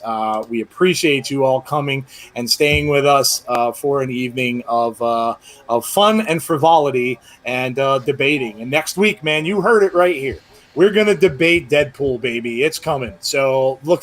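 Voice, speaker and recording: A middle-aged man co-hosting a live wrestling podcast, chatting casually and rambling with lots of fillers and restarts. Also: medium pitch. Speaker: podcast co-host. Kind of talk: casual live-show chat.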